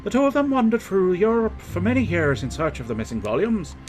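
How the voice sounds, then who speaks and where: A man's voice: high-pitched, wildly swooping pitch, fairly quick, faint music behind, voice pushed up. A man doing a jittery old Irish priest. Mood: fretful. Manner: wobbly put-on Irish brogue drifting into other accents. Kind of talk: reading game dialogue aloud.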